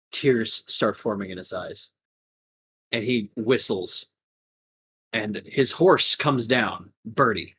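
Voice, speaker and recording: A woman narrating a tabletop game as game master, casual and animated. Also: extremely low pitch, slow pace, long pauses, breathy edge.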